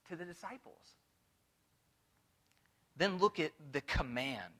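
Male Bible teacher, sermon delivery, higher than usual voice, animated questioning style. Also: takes it slowly, pauses often, breathy edge. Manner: animated, full of rhetorical questions. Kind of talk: expository sermon to a room. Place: room with a live audience.

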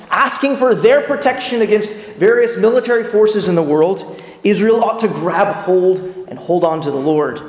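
A man with a high voice delivers an earnest, emphatic sermon, pressing his listeners with pointed rhetorical questions. The recording is roomy and carries a long hall reverb from a church space. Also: a little mellow. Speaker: pastor.

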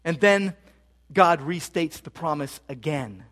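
High-voiced pastor, emphatic sermon delivery. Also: male voice, takes it slowly, a bit bright. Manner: emphatic, repeats key phrases for stress. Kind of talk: expository sermon.

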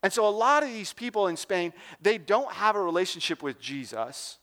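High, smooth-voiced youth pastor. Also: male voice, very animated, normal speed, bright, forceful tone. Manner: informal and joking, with lots of "like" and "right?". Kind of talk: casual sermon talk.

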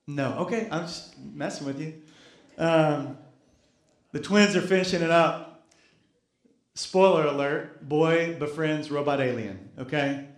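High-voiced pastor preaching in an echoey sanctuary. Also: male voice, a little slow, pauses often. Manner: preaching with call-and-response to the congregation; repeats key phrases for emphasis. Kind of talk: sermon. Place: church sanctuary.

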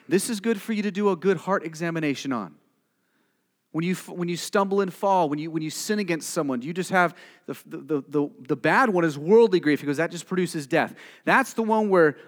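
Preaching man in a reverberant hall. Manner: swings from quiet and low to loud and emphatic; direct, conversational, asks the listeners questions. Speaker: pastor. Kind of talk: sermon.

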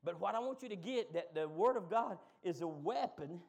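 A man preaching a sermon, moving from quick low asides to loud, shouted call-and-response. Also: expressive, vocal fry.

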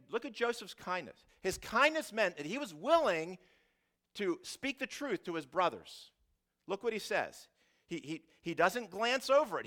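A male pastor preaching a sermon, swinging from loud emphasis to hushed asides, often restarting his phrases. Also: sits high. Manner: animated, shifting from loud to hushed, frequent restarts.

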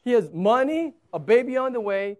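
A man in his thirties preaching a sermon as pastor, telling stories and acting out conversations with animated delivery. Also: extremely high pitch, normal speed. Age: 30s. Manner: animated storytelling, acts out dialogue.

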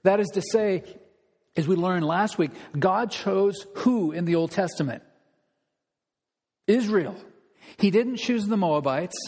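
A man's voice: high-pitched, a little slow, pauses often, a little mellow, in a large hall. A man preaching a sermon as pastor, asking rhetorical questions and repeating key phrases for emphasis.

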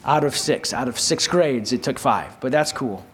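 At a normal pace, a preacher shares a personal story in his sermon and calls on the congregation to respond. His delivery moves between soft, low moments and raised, emphatic ones, with a little hiss or hum in the recording.

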